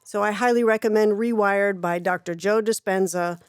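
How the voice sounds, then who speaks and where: A woman's voice: medium pitch, moderate pace, smooth, no echo, clean studio sound. Laughing woman talking spiritual healing. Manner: laughs often, earnest and coaching. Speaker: podcast co-host. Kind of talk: casual spiritual chat.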